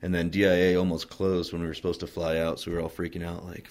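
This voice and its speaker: A man from Wyoming, a Marine veteran being interviewed, telling his story in a relaxed, rambling way with many fillers and restarts. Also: low voice, quick pace. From Wyoming, USA. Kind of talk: casual oral-history storytelling.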